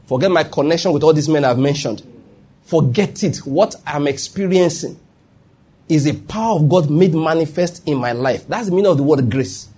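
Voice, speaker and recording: A man's voice: on the high side, expressive, moderate pace, mellow, breathy edge. A man with a Nigerian accent preaching a sermon, emphatic and often asking whether listeners follow his point. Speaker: pastor.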